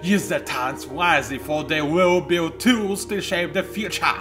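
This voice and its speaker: A man reading game text in a put-on dramatic announcer voice, slow and drawn out. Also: a little high, music in the background, close to an everyday voice. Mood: grandiose.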